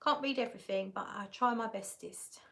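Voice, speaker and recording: A woman's voice: on the high side, brisk, gravelly, fairly bright tone. A woman hosting a live stream, chatting casually as she reads out viewer comments, giggly and often correcting herself. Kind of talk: casual chat.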